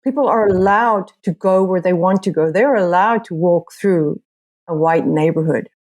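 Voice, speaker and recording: A woman's voice: on the low side, moderate pace, a little mellow. A woman journalist from Africa, answering earnestly with many restarts. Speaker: journalist guest. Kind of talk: podcast interview.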